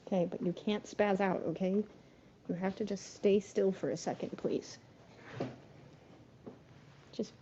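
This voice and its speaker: A woman's voice: medium pitch, a little slow, long pauses, mellow, dull audio, a little hiss or hum. A woman hosting a casual live stream, chatting and coaxing her pets in between bits of play-by-play.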